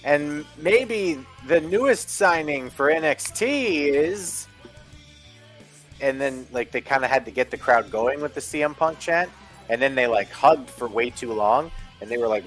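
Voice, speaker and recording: A man from Philadelphia with a mid-range voice and a Philadelphia accent talks through his opinions in long, winding takes. He leans on "like" and "you know" as he goes. Faint music sits softly underneath. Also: mid-range voice, brisk. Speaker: co-host. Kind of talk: casual podcast chat.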